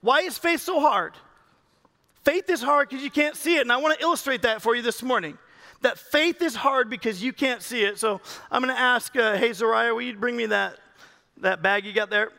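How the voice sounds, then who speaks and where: This pastor's voice is very high-pitched, gravelly, bright and forceful, and he talks at normal speed. His sermon is casual and full of jokes as he calls congregants up and coaxes them on stage.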